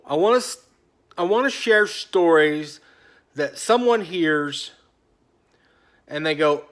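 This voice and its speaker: A man in a rambling, casual rant to his phone camera at home, often stopping himself and trailing off into quiet mutters. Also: a little high, sing-song, slow, long pauses. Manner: talkative, self-interrupting, drifts off into quiet mutters. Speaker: vlogger. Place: at home on a couch.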